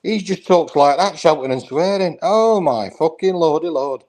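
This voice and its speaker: A man's voice: fairly high pitch, animated, moderate pace, darkish tone. A middle-aged man with a Yorkshire accent, chatting casually as a caller, blunt, matey and swearing constantly. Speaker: caller in a live chat. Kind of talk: casual chat.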